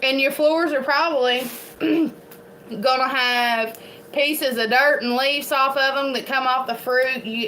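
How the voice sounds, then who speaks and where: A woman's voice: high voice, fairly bright tone, slight background noise, low-quality recording. Chatty Eastern Kentucky homesteader woman. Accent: Eastern Kentucky Appalachian. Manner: chatty, rambling, laughs often. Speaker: homestead vlogger. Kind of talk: casual chat to camera.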